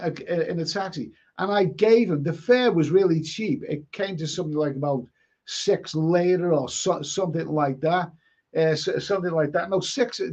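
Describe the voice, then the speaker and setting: A man hosting a casual live stream, reading viewer comments and telling rambling stories with blunt, mildly sweary asides. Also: a little high. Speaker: livestream host reading chat. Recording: dull lo-fi stream audio.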